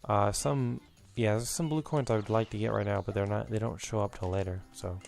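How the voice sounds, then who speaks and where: A man's voice: on the low side, fairly even intonation, fairly quick, vocal fry, a little mellow, faint music behind. A young man hosting a let's play, rambling and reminiscing through his commentary with lots of fillers, a bit out of breath.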